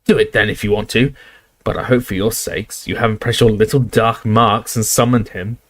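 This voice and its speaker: A man voicing a gruff, belligerent old barman who bellows and scoffs. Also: lowish voice, steady tone, normal speed, natural voice. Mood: defiant, roaring. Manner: bellowing, scornful, defiant.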